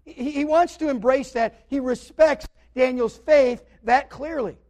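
A man with a very high voice preaches a sermon, retelling a scripture story with lively energy. He acts out the characters as he goes and swings between loud passages and quiet ones. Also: unhurried.

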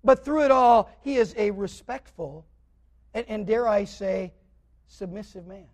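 A man with a very high voice preaches a sermon, retelling a scripture story with lively energy. He acts out the characters as he goes and swings between loud passages and quiet ones. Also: a little slow.

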